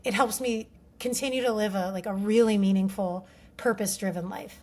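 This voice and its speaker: A woman's voice: medium pitch, steady tone, brisk, a little mellow. A woman speaking as a parenting-coach guest on a podcast, earnest and reflective, telling stories with many filler words. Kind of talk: casual interview chat.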